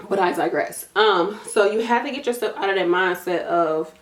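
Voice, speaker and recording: A woman's voice: mid-range voice, normal speed, reverberant. A tired woman in a casual advice vlog, talking in a direct, matter-of-fact coaching way with casual slang and lots of repetition. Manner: casual, uses y'all and gonna, repeats herself for emphasis. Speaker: nursing YouTuber giving study advice.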